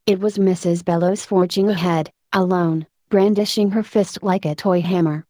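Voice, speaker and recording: A woman narrating a story aloud in a measured, expressive audiobook style. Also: lowish voice, no echo.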